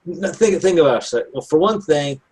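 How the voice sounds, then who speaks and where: A man's voice: a little high, animated, moderate pace, darkish tone, slightly rough, rough recording. A man co-hosting a podcast in casual chat, with teasing asides to the listeners. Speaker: podcast co-host.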